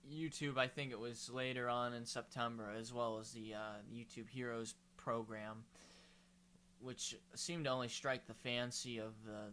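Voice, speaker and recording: A man's voice: mid-range voice, bright, forceful tone, clean tone. A man giving rambling, hesitant vlog commentary with many fillers. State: hiccuping. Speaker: YouTuber.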